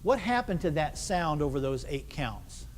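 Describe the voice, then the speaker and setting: With a fairly high voice that swings widely in pitch at a moderate pace, a man conducts a band rehearsal, posing questions he answers himself and counting in the ensemble. Long hall reverb and faint noise fill the recording.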